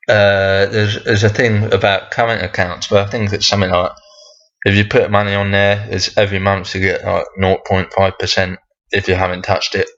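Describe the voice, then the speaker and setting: A young man talks through a casual solo monologue, hesitant and full of restarts, swearing freely when he rants. His voice sits fairly low. The recording sounds dull and lo-fi. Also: fairly bright tone. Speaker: podcast host.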